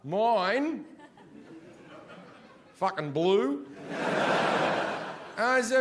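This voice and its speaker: A middle-aged man doing stand-up comedy on a stage, telling brash, profane stories and jumping to shouted punchlines, through a handheld mic. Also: sits high, expressive, slow pace, long pauses. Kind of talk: stand-up storytelling. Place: comedy stage before a laughing audience. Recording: live show audio with loud audience laughter.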